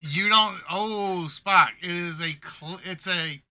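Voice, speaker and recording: A man's voice: sits high, slow pace, bright, forceful tone. Male stream game show host, upbeat and talkative, with a tense, piercing edge to his raised voice. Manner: chatty and playful, giving hints and joking with players. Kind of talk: casual live-stream game show hosting.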